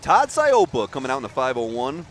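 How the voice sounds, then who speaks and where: A man's voice: medium pitch, wildly swooping pitch, fairly quick, a bit bright, a little hiss or hum. A man announcing a demolition derby live, calling drivers and chatting with jokes and laughter. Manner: chatty, joking, laughs often. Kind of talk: live play-by-play commentary.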